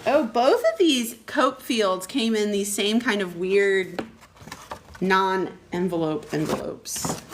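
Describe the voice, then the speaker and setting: A woman librarian chatting casually as she unboxes packages on a live stream, reading notes aloud with excited bursts. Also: medium pitch, takes it slowly, a little hiss or hum. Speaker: school librarian.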